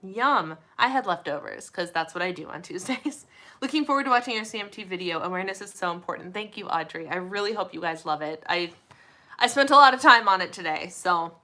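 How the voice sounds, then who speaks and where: A woman's voice: fairly low pitch, animated, fairly quick, pushed and bright. A woman hosting a casual live community chat, chatting and answering viewer comments in an upbeat way. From Minneapolis area, USA. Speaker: host.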